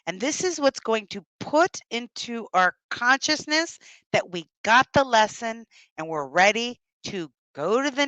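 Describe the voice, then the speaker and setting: A woman's voice: mid-range voice, bright, forceful tone, dry recording, low-quality recording. A middle-aged woman speaker leading a live online workshop, effusive and gushing, often gasping and exclaiming with delight. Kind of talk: live-streamed workshop talk.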